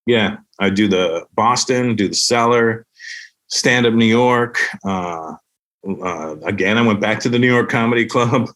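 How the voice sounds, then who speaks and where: A middle-aged man, a comedian guest, casually telling animated stories and laughing as he goes. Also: mid-range voice, unhurried. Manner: animated, acts out other people's voices with laughs. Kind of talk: casual storytelling anecdotes.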